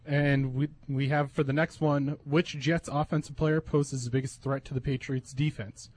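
A man's voice: mid-range voice, level tone, moderate pace, a little mellow, dry recording. Radio guy reading off the fan poll, plain and matter-of-fact. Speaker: poll reporter.

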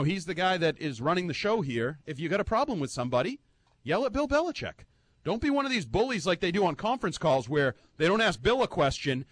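A man's voice: fairly high pitch, fairly bright tone, no room sound. A man giving an emphatic, heated sports-talk rant as a football analyst, repeating his points for effect.

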